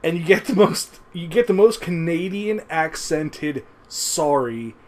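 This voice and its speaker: A man's voice: on the high side, animated, a little slow, darkish tone. A man giving a casual, rambling review of an old TV episode into a webcam, swearing often and chuckling as he goes. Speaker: show reviewer. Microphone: webcam recording.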